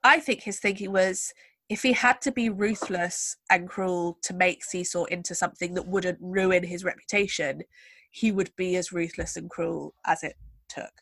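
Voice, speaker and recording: A woman's voice: lowish voice, moderate pace, fairly bright tone, no room sound. Woman, podcast host, wry storyteller, dry close recording. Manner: chatty, wry storyteller with asides. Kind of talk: casual chat.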